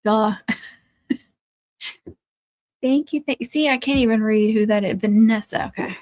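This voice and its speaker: A woman with a drawl hosts a relaxed livestream from her country home. Her voice sits a little high and sounds close and dry, with no room echo. She chats easily, laughs a lot and keeps breaking off to fuss over her dogs. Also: measured pace. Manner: chatty, laughs often, talks to her dogs. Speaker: livestream host. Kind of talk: casual livestream chat.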